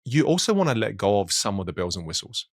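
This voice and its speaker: A man speaks quickly, and his pitch swings widely as he explains his ideas. He is a communication coach in a podcast conversation who acts out other people's lines with energy. The sound is dry and close. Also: no echo. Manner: animated, acts out quoted voices.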